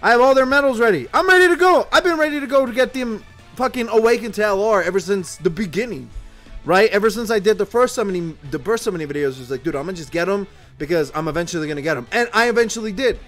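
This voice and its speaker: Faint music sits behind a young man with a high voice who talks fast while pulling summons on his mobile game channel. He's casual and excitable, curses frequently, and veers from glum muttering to shouting.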